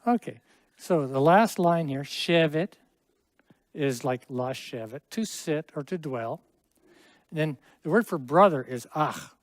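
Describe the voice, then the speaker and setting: A man's voice: on the high side, expressive, a little slow, dry recording. A middle-aged man teaching a Hebrew class in a classroom, explaining at length with friendly asides and small jokes. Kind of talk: classroom lesson.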